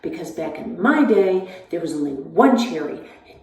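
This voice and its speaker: A middle-aged woman doing a stand-up comedy set, chatty and rambling, acting out text messages in a higher voice. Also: big pitch swings, moderate pace, creaky, a little mellow, recorded from a distance. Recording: echoey room away from the mic.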